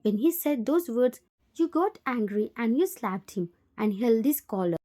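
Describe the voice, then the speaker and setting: Woman narrating fan fiction, mellow tone. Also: a little high, animated, measured pace. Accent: Indian English. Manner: plain, second-person storytelling.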